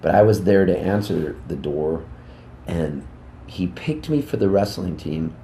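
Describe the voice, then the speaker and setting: A man in his fifties, a musician, telling rambling, animated anecdotes in a casual interview backstage at a music club. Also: low-pitched, a little slow, reverberant, slight background noise. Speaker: musician guest.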